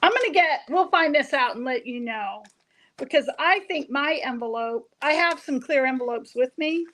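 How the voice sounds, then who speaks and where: A woman's voice: sits high, animated, normal speed, a bit bright. An American woman from Florida, a guest in a live craft class, chatting in a rambling way and laughing easily. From Florida, USA.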